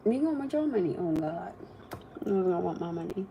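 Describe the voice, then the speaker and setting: A young woman hosting a livestream, telling family stories in a casual, animated way and acting out what people said, with frequent laughs and pauses to eat. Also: lowish voice, gravelly, slight background noise. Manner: animated, acts out quotes, laughs often, eats while talking. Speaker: livestream host.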